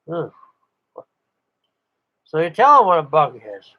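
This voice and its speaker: Older guy chuckling thru rambling radio stories, kinda high voice, dull lo-fi sound. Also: huge pitch swings, slow, sharp tone. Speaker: ham radio operator. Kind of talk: casual monologue.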